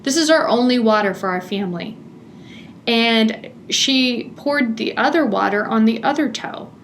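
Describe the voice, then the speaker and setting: A middle-aged woman hosting a podcast, telling a personal story in an animated, chatty way with frequent laughter. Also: on the high side, measured pace, slight background noise. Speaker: podcast host.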